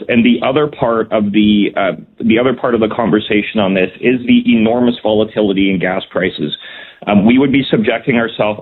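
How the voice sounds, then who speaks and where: A man, a provincial minister, defending policy in a radio interview, measured and full of ums. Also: lowish voice, breathy edge. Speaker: provincial cabinet minister, guest. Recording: tinny phone line.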